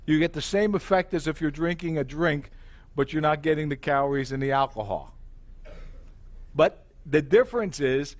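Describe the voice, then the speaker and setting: A man's voice: on the high side, moderate pace, long pauses. A middle-aged man giving a live sales presentation as company president, telling stories and asking the audience questions. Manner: animated storyteller, asks the audience questions.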